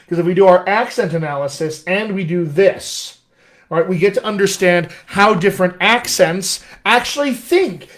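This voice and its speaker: A man who is a dialect coach giving an enthusiastic live acting lesson, talking straight to viewers and slowing down to read verse aloud. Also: high-pitched. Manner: enthusiastic, direct, addresses viewers as friends. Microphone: webcam or laptop mic on a live stream.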